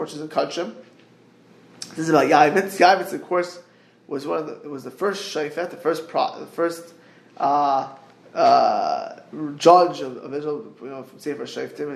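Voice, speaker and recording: A man giving a Torah class over a group call, earnest and halting, quoting Hebrew verses and translating them. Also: on the high side, gravelly, roomy sound. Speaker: Torah teacher. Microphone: group call line.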